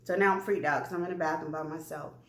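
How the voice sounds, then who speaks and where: A woman vlogger with a low voice talks quickly in an echoey room, candidly and animatedly telling a personal story. She's chatty and speaks straight to her viewers.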